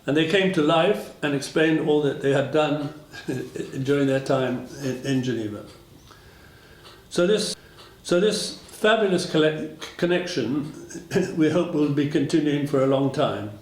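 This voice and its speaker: A man with an English accent, his voice a touch higher than most men's, delivers a formal ceremonial speech. He pauses and restarts often, searching for his words. The sound rings in a roomy hall. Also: expressive. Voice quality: halting, with frequent fillers and restarts. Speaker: speaker at a town twinning ceremony.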